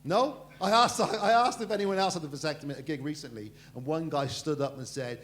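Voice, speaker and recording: A middle-aged Welshman hosts a stand-up comedy night, bantering cheekily and crudely with the crowd. His voice is a little high and fairly bright, quick with few pauses, in an echoey room.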